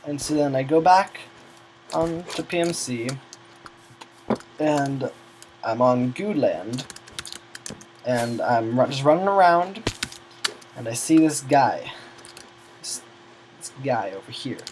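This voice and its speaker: A man's voice: medium pitch, slow, pauses often, background noise. A teenage boy telling a long, rambling story about gaming friends, often losing his train of thought. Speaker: gamer recounting a server's history.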